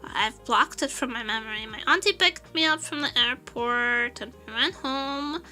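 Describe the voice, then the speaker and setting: Young woman streamer, high and very bright voice, unhurried, laughing storyteller, faint music behind. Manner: laughs often, animated storytelling. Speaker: vtuber streamer. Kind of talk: casual chat.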